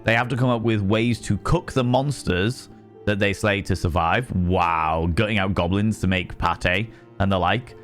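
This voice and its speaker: Low-voiced man ranting to stream chat. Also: measured pace, fairly bright tone, faint music behind. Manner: profane, emphatic ranting; repeats phrases and restarts mid-sentence. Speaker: streamer and voice actor. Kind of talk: casual livestream chat.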